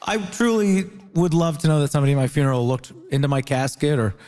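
A man's voice: a little high, fast talker, a little mellow. A man from Ontario doing a wry, mock-exasperated stand-up bit in a comedy debate. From Ontario, Canada. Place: stage before a live audience. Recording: live stage, audience laughter, reverb.

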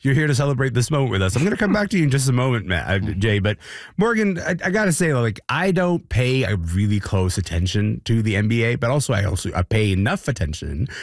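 A man's voice: medium pitch, sing-song, quick pace, dry recording, studio quality. A man hosting a talk show in a casual, chatty way, with plenty of filler words. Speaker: radio show host.

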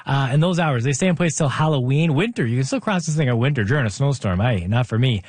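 A man's voice: mid-range voice, expressive, fast, darkish tone, slightly rough, no room sound. A man hosting a radio show, chatting casually and giving listener tips with frequent "uh" fillers. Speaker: radio host.

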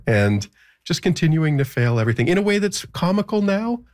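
A young man telling a personal story in an interview, halting with many fillers and nervous laughs. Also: a little high, big pitch swings, a little mellow.

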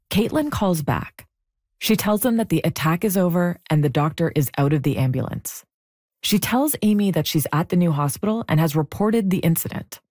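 Mellow-voiced woman narrating. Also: on the low side, no room sound, clean studio sound. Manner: measured storytelling. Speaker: podcast narrator. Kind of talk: scripted narration.

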